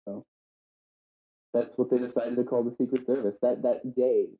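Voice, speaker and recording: A man guesting on a podcast, telling absurd made-up facts in a deadpan, halting way with many fillers. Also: mid-range voice, rough recording. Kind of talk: deadpan comedic podcast chat.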